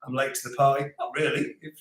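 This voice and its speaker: A middle-aged man, hosting a livestream and reading out viewer comments in a relaxed, chatty way with frequent laughs. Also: medium pitch, quick pace. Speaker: livestream host. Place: home in rural France. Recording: echoey room.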